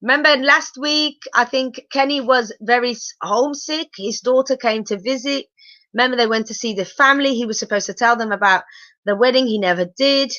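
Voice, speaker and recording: A woman's voice: a little high, a little fast, bright, forceful tone, no echo, dull audio. A woman giving a chatty live review of a reality show, exclaiming and asking her viewers questions. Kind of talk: live casual episode review.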